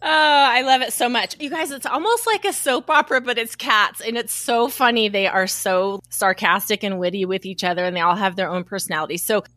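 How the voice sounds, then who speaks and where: A woman's voice: medium pitch, a little fast, few pauses, sharp tone, no room sound. A woman from South Carolina interviewing a guest, enthusiastic and laughing along. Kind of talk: casual interview.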